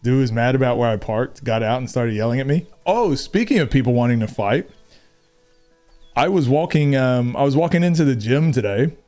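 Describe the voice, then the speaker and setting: A gaming streamer chats casually as he plays, playfully teasing his viewers and laughing often. His voice is medium-pitched and darkish at a moderate pace, with soft music in the background.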